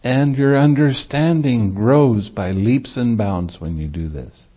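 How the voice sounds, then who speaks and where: A man's voice: medium pitch, slow pace, dark tone. A man, a Buddhist monk and meditation teacher, giving a light-hearted dharma talk and laughing easily as he teaches.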